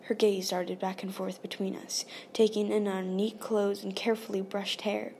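A woman narrating an audiobook in a soft, hushed, often half-whispered delivery. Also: medium pitch, level tone, moderate pace, a little hiss or hum. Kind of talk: scripted narration.

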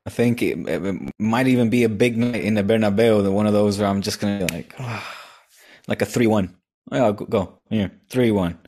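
A man with a fairly low voice chats casually as a podcast co-host. He is playful and jokey, and he drops easily into mock accents and bits of other languages. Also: normal speed, a little mellow. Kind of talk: casual chat.

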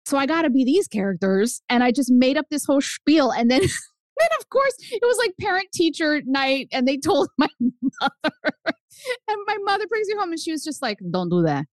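A woman guest on a podcast, telling stories in a lively, animated way and acting out the voices she quotes. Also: sits high, normal speed, no echo. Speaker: guest author. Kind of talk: casual chat.

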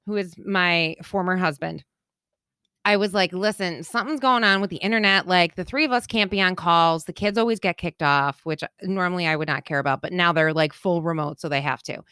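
A woman's voice: on the low side, a little fast, sharp tone, clean tone, dry recording. A woman in her thirties, co-hosting a podcast, telling a long story in casual chat and acting out the people she quotes. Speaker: podcast co-host. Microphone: studio microphone.

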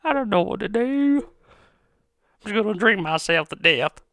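A man's voice: sits high, lively intonation, moderate pace, sharp tone, dry recording. A man in his twenties ranting on his own podcast, rambling, sarcastic and full of profanity. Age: 20s. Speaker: podcast host. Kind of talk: profane solo podcast rant.

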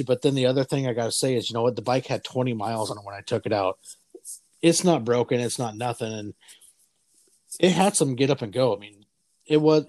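A man's voice: mid-range voice, a little mellow, dry recording. A man in his forties hosting a casual chat, telling stories in a loose, profane way and acting out the voices of people he quotes. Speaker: podcast host.

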